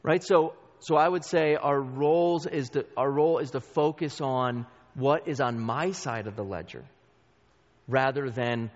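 A middle-aged man with a mid-range voice teaches a Bible study group at a moderate pace, earnest and conversational, addressing his listeners directly in a church teaching talk. The sound is dull, with long hall reverb.

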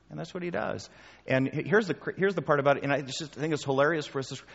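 A man preaching a sermon and taking questions, animated and emphatic, acting out the voices he quotes. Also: on the high side, fast talker, gravelly. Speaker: pastor. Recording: dull sound with long hall reverb.

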